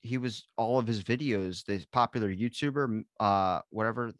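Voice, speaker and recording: A man's voice: on the low side, moderate pace, dry recording, clean studio sound. A man hosting a podcast, telling rambling stories in casual chat, swearing a lot and acting out quotes. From grew up in a beach town. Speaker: podcast host.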